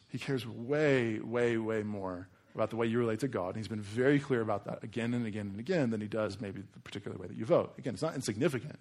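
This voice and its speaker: A man preaching in a loose, talky way, full of asides and quick rhetorical questions to the room. His voice sits in an ordinary middle range, neither deep nor high. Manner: casual, animated preaching with frequent asides. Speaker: pastor. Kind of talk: sermon.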